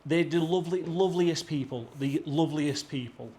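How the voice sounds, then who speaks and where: A man's voice: fairly high pitch, normal speed, a little mellow, breathy edge. A young British man with a British English accent, talking casually to camera as a travel vlogger, effusive and chatty, with a handheld camera. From Britain. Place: rented apartment and balcony, partly outdoors.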